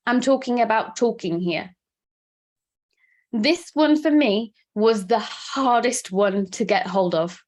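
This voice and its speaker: A woman with a Welsh accent teaching a live online workshop, chatty and fast-talking, laughing often. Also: fairly high pitch. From Wales. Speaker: presenter and coach.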